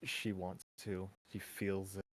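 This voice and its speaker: A man taking part in a tabletop game, speaking in a low voice with very little rise and fall. He asks short, quiet questions. The recording is dry. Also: flat delivery, slow, dry recording. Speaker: player.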